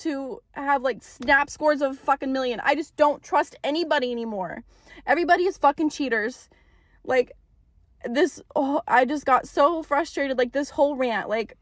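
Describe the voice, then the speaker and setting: A woman's voice: sits high, dry recording, studio quality. A young woman venting in an emphatic, swearing storytime rant about bad dates, talking into her phone. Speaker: TikTok storyteller. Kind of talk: ranting storytime.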